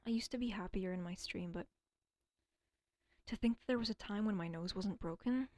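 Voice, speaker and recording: A woman's voice: mid-range voice, moderate pace, darkish tone. A young woman streaming alone, chatting casually and rambling, swearing often and stuttering at times. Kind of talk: casual livestream chat.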